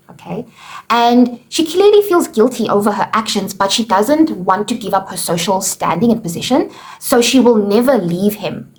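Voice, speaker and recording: A woman teacher talks her students through a play in a relaxed, conversational way. She keeps checking in with "okay" and retells the characters' lines in her own words. Her voice sits at a middling pitch. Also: moderate pace. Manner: chatty, explains with paraphrased quotes, frequent "okay" and "you know". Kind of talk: casual lesson recap.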